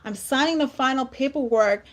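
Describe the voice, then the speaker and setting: A woman host with a fairly high voice talks in an earnest, heartfelt way. She presses her points with emphasis and often repeats words mid-sentence. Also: moderate pace. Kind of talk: heartfelt conversational talk.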